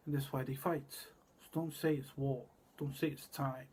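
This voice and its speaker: A man with a slightly high, husky voice talks in a cryptic, rambling monologue. He repeats words over and over and drifts from low murmurs to sudden loud bursts. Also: moderate pace, few pauses.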